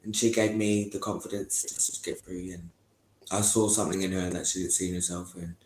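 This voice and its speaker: A man's voice: low-pitched, little pitch movement, brisk. A young man giving a candid, rambling interview testimony, swearing often and laughing between thoughts. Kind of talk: candid casual talk. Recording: echoey room.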